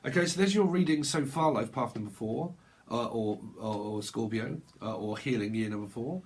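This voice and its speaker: A man doing a casual tarot reading, slangy and animated. He swears freely and laughs often. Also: mid-range voice, normal speed. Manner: animated, slangy, acts out little dialogues. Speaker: tarot reader.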